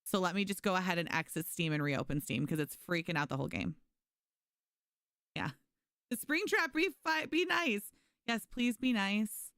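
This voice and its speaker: A woman's voice: mid-range voice, normal speed, no echo, clean studio sound. A young woman streaming a game, chatting casually with her viewers and thanking them. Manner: chatty, animated, reads chat aloud and thanks viewers. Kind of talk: casual livestream gaming chat.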